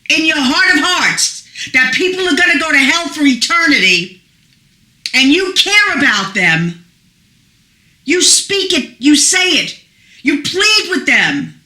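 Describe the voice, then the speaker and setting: A middle-aged woman preaching a fervent, emphatic sermon that rises to shouts. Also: sits high. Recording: echoey room.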